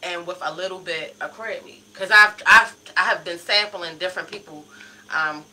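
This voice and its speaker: A woman's voice: lowish voice, normal speed, sharp tone, rough recording. A woman restaurant owner, a guest on a radio show, talking plainly about her hours and her food. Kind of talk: casual interview chat.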